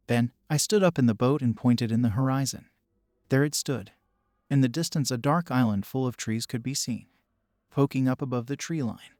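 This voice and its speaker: A man narrating a first-person horror story in a steady, measured storytelling voice. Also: mid-range voice, no echo, clean studio sound.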